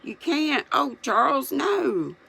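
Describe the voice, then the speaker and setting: A reader voicing an anxious, determined pioneer wife and mother, pleading and urgent, with a gravelly, bright voice. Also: sits high, sing-song, takes it slowly, pitched above the performer's own voice, exaggerated voice.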